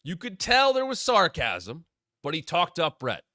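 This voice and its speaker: A man hosting his own wrestling talk show, giving casual solo commentary and quoting people in quick asides. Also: high voice, no room sound, clean studio sound. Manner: animated, drops into quoted voices.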